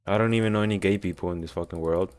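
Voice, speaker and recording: A man with a fairly low voice gives casual, unscripted commentary over his gameplay. He swears constantly and grumbles in frustration, trash-talking his opponents as he plays. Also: fairly even intonation, very fast. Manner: profane, frustrated trash talk. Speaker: gameplay streamer.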